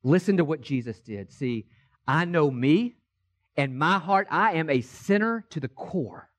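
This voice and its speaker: A man pastor preaching an Easter sermon in a church, swinging from hushed, slow lines to shouted ones. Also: on the high side, lively intonation. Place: church sanctuary.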